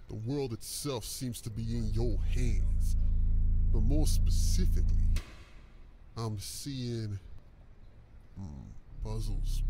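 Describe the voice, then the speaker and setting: Hustler psychic for a game, male actor, slow slangy drawl over loud music. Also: medium pitch. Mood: mystical. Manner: slangy, laid-back hustler talk. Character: hustling streetwise male psychic fortune teller. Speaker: street psychic character.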